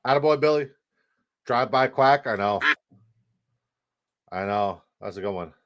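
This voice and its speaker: A man's voice: medium pitch, animated, a little slow, slight background noise. A man hosting a casual live fantasy football stream, swearing freely and reading out and answering chat. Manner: profane, hyped, reads and answers chat.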